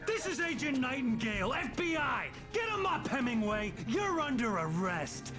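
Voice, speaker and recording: A barking, hostile FBI agent. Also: male voice, extremely high pitch, very animated, normal speed, over music. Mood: aggressive. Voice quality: barking, threatening, profane. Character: hostile FBI agent, male, middle-aged, aggressive. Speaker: federal agent in a game.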